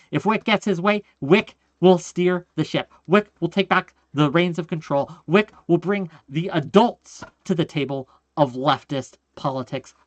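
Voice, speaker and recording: A man's voice: fairly high pitch, no echo, dull audio. Fired-up man ranting on a livestream. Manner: forceful, repetitive, keeps asking "okay?" and calling the audience "gang". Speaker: streamer and political commentator. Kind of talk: livestream political rant.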